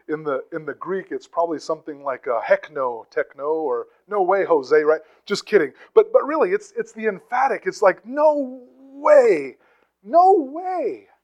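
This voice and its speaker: A man's voice: high-pitched, muffled recording. A man preaching a conversational teaching sermon, with asides, rhetorical questions and emphatic bursts on key phrases. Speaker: pastor.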